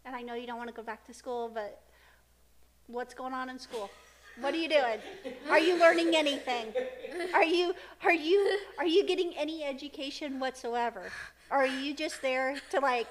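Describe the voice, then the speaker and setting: A woman's voice: sits high, normal speed, a crowd in the background. A middle-aged woman co-hosting a casual podcast, telling stories with frequent laughter. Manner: chatty storytelling, frequent laughter. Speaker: podcast co-host, mother. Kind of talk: casual chat.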